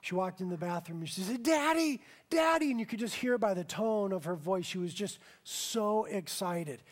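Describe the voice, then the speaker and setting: A man pastor preaching a sermon, telling a story with slow, emphatic swells and quiet, tender passages. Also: high voice.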